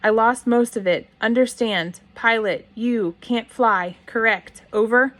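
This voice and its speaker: A woman's voice: a little high, measured pace, a bit bright. A clipped, formal radio operator, as a woman reads him. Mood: businesslike. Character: calm adult male radio operator.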